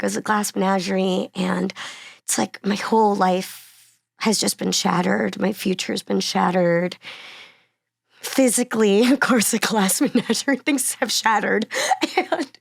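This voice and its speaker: A woman from Miami, an actress guesting on an interview, telling stories in an animated, chatty way with frequent laughs. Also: medium pitch, vocal fry, dry recording, studio quality. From Miami, Florida. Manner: animated storyteller, laughs often between phrases; chatty, uses many fillers like "like" and "you know". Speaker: actress and singer-songwriter guest. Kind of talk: casual conversational interview.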